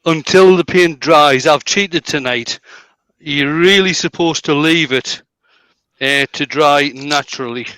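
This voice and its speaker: A man's voice: a little high, slow pace, clear, resonant tone, no room sound, poor audio. A man hosting a live craft stream, chatting casually and joking about his own work. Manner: relaxed, self-deprecating about his work. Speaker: craft demonstrator and show host.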